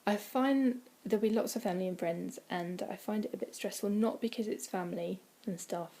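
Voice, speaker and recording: A woman chatting casually from home in a vlog, rambling with many ums and dropping into quiet, breathy asides. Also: mid-range voice, fairly quick. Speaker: vlogger. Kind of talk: casual weight-loss vlog. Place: indoors at home, by a window.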